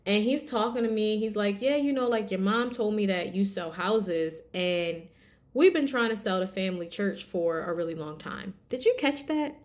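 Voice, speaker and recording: Animated woman telling a testimony. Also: mid-range voice, moderate pace. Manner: animated, addresses viewers as y'all, acts out quotes. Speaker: vlogger sharing a testimony. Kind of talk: casual storytelling testimony.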